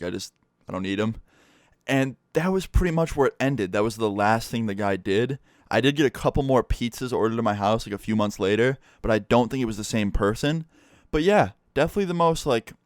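A young man casually retelling a personal story for his channel, profane and animated. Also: fairly low pitch, smooth, no room sound, studio quality. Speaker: YouTuber. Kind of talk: storytime vlog.

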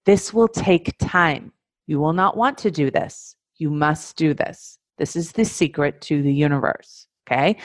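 A woman's voice: on the low side, no echo, studio quality. A woman coaching an audience in a webinar, speaking emphatically, repeating key phrases and addressing her listeners directly. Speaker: life coach teaching a webinar. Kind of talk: instructional webinar talk.

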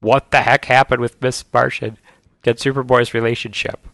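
A man's voice: medium pitch, flat delivery, normal speed, vocal fry, fairly bright tone, no echo. A man co-hosting a podcast, chatting casually and enthusiastically about cartoons. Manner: chatty, enthusiastic fan banter. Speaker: podcast co-host. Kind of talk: casual chat.

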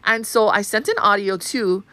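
A woman hosting a podcast, telling a story in an animated, profane, casual way and acting out the other people's lines. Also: mid-range voice, normal speed, dry recording. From Hawaii. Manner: animated, profane, acts out quoted voices. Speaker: podcast host.

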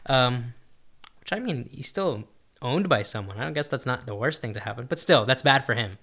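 A man in casual conversation, talking animatedly about movies and dropping into quick character voices. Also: mid-range voice, expressive, fairly bright tone. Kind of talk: casual chat.

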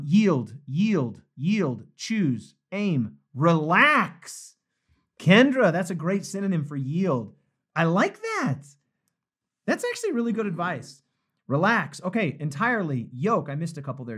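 Upbeat pastor reading viewer comments. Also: male voice, on the high side, breathy edge. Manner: upbeat, reads viewer comments aloud and reacts; earnest spoken prayer to close. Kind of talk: live-streamed book study. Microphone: phone livestream.

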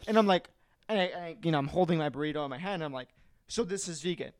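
A man's voice: on the high side, rapid-fire, clean tone, no echo, studio quality. A young man in casual chat, telling a story with lots of swearing and acting out both sides of a conversation.

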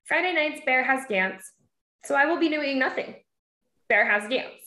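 A woman with a fairly high voice talks casually and laughs often, acting out other people's lines in a lively, exaggerated way. The room around her rings with a noticeable echo. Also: unhurried. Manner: giggly, animated, acts out quotes in a high voice. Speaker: mom and podcast guest. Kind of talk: casual chat. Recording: echoey room.

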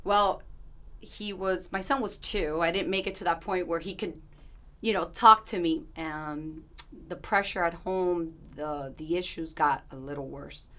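A woman's voice: on the low side, fairly even intonation, a little slow, bright, forceful tone. A woman in her thirties, an interview guest, telling a personal story in an earnest, candid way, with restarts and asides.

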